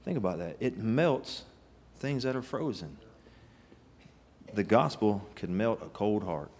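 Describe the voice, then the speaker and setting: A man's voice: lowish voice, lively intonation, measured pace, darkish tone, slight background noise. A man preaching a sermon, telling stories in a folksy, emphatic way with rising bursts. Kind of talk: sermon with storytelling.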